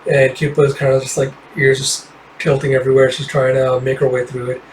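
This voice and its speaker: A man's voice: mid-range voice, flat delivery, a little fast, slight background noise, low-quality recording. Rambling man reading a comic aloud. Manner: loose and rambling, many fillers. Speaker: comic book reader. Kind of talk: casual comic readthrough.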